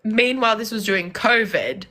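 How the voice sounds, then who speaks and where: A young woman from Lebanon telling animated stories in casual chat, acting out the people she quotes. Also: a little high, moderate pace. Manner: animated, acts out voices in quoted dialogue. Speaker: podcast guest. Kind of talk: casual storytelling.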